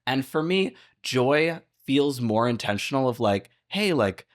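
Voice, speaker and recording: Young male podcast guest, mid-pitched, earnest, upbeat. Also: unhurried. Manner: earnest and upbeat, acts out quoted lines with animated shifts. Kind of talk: casual podcast conversation.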